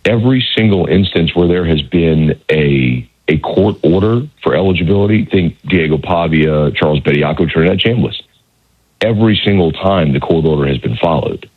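A hoarse man who has lost his voice, reporting on college football over a phone line in a measured, hedging way with many restarts. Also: deep voice, animated, no echo. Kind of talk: casual radio phone interview.

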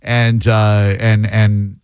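A man hosting a call-in radio show, bantering and joking quickly with callers from a studio microphone. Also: fairly low pitch, little pitch movement, darkish tone, smooth, dry recording. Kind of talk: casual call-in radio chat.

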